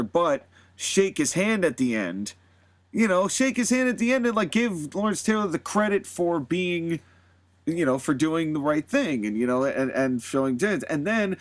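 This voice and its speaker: A man hosts a podcast on his own, talking off the cuff. His voice sits a little high for a man. He rambles, restarts sentences, and laughs easily. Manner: rambling, animated, laughs often, lots of fillers. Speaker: podcast host. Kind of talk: casual solo commentary.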